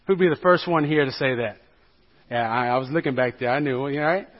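A man's voice: medium pitch, brisk. A male pastor preaching a sermon to a congregation in a church, conversational and joking, often asking the listeners questions. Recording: dull lo-fi recording.

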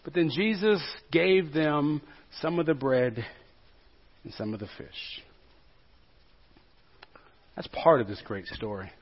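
A male pastor with a fairly high voice delivers a relaxed, joking sermon in a church, tossing questions out to his congregation. The recording sounds dull and lo-fi. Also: slow, long pauses, breathy edge.

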